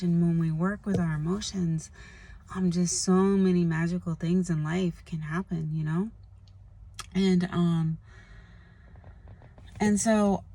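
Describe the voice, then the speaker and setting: Low-voiced woman rambling earnestly. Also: gravelly, dark tone. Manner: rambling, heavy on "like" and "you know"; earnest, confessional. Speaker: spiritual vlogger. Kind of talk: casual spoken monologue.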